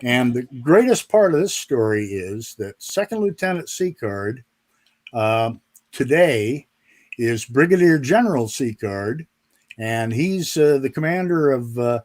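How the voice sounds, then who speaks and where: A man's voice: medium pitch, expressive, unhurried, a little mellow. An older man, a retired fighter pilot, telling folksy stories as a guest on a video call and chuckling through his restarts. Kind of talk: storytelling in a live interview.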